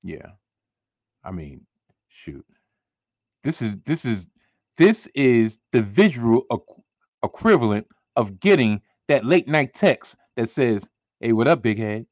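Animated, profane man ranting on a podcast. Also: mid-range voice, slow, long pauses. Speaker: podcast host. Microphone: close to webcam. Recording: dull lo-fi sound.

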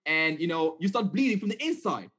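A man preaching a sermon in a conversational, animated storytelling way, often checking in with "okay?". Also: a little high, brisk, slightly rough.

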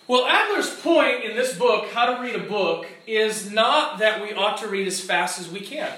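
Animated man teaching in an echoey room. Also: high voice, a little slow. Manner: animated, illustrative, acts out quotes. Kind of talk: classroom lecture. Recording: echoey room with faint background noise.

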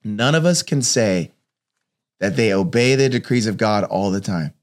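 In this devotional talk, a man who is a father tells stories with sincerity, performing the voices of the characters. He speaks at an ordinary pace in a lowish voice with lively intonation.

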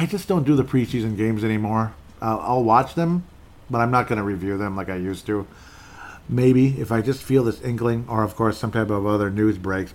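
A man's voice: fairly low pitch, a little mellow. A man hosting a solo sports podcast, rambling and opinionated, often cutting himself off mid-sentence. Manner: rambling, opinionated, self-interrupting. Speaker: podcast host. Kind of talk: casual solo podcast chat.

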